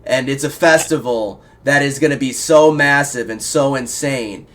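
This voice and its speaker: A man's voice: medium pitch, moderate pace. Rambling, swearing male show host. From Iowa. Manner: rambling, excitable, swears a lot. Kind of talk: casual profane chat.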